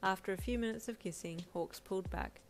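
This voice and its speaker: A woman narrating a second-person fan-fiction story in a steady, plain reading voice. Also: medium pitch, fairly quick, slight background noise.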